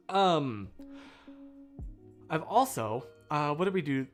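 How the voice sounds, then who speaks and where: Animated rambling male streamer. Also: fairly high pitch, takes it slowly, pauses often, faint music behind. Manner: rambling, animated, self-interrupting. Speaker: livestreamer. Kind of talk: casual livestream chat. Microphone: boom mic out of shot.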